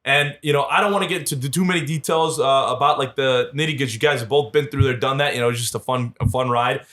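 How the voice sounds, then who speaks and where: A man, telling lively stories as a podcast guest and acting out the voices of the people in them. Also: medium pitch, fast talker. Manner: animated storyteller, acts out quoted voices. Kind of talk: casual storytelling interview.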